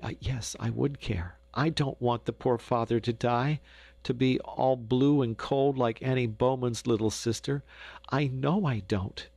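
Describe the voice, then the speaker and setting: A man voicing a frightened, tender little peasant girl in an audiobook, speaking softly and anxiously. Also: medium pitch, steady tone, measured pace, vocal fry, breathy edge, no room sound, voice pushed up. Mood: fretful. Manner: pleading, soft and anxious. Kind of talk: audiobook character voice.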